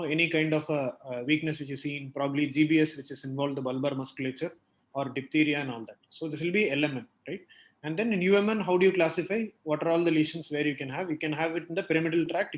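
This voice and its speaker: A man leading a clinical teaching discussion, quizzing a student and explaining step by step with frequent checks like "right?". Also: fairly high pitch.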